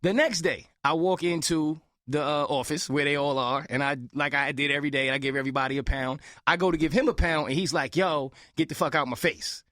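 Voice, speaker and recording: A young man telling a story on a casual podcast, animated and acting out the other people's lines. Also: a little high, fast, hardly any pauses, no room sound, clean studio sound. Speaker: podcast host.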